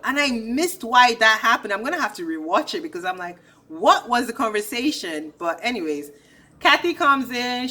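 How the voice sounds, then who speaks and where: A woman's voice: on the high side, pushed and bright. A young woman ranting through a casual recap of a reality show, sassy and blunt with a gossipy edge.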